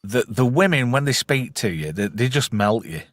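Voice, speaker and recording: A man's voice: medium pitch, animated, normal speed, a bit bright, no room sound, clean studio sound. A man in a casual podcast chat, bawdy and joking, rambling from story to story. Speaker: podcast co-host.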